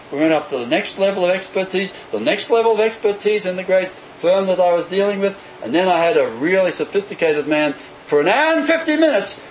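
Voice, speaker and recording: A man preaching a sermon in an animated way, often acting out the voices of the people he quotes. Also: high-pitched, a little hiss or hum, low-quality recording.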